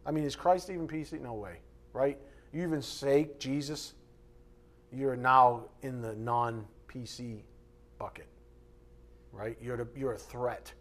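A man's voice: mid-range voice, fairly even intonation, slow, long pauses. A male pastor preaching a sermon in a blunt, conversational way, with sarcastic asides.

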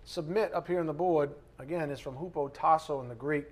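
A male pastor delivering a sermon to his congregation in a conversational way, pressing hard on key words and then dropping into soft, quiet asides. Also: fairly high pitch, fairly quick. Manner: conversational, emphatic preaching, swings between loud stresses and soft asides.

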